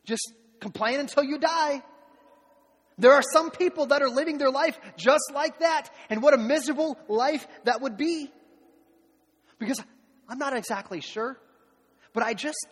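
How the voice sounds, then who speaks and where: A man preaching a sermon as pastor, animated, who acts out the voices of complainers. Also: very high voice, normal speed, long pauses, long reverb tail.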